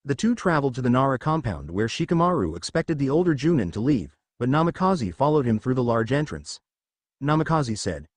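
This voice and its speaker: A male storyteller reading fan fiction aloud in a steady, expressive way. His pitch moves up and down a lot as he reads. The recording is close and dry, with no room echo. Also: fairly quick. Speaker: narrator.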